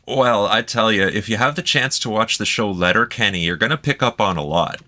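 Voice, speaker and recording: A man's voice: fairly low pitch, brisk, pushed and bright. A man with a Canadian accent hosting a casual reaction video, joking and teasing in a laid-back way.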